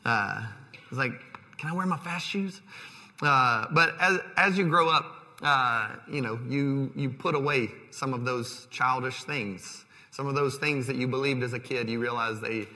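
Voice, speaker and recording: Bright-voiced male pastor in a reverberant hall. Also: mid-range voice, a little slow, few pauses. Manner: conversational, with fillers and restarts. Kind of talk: sermon.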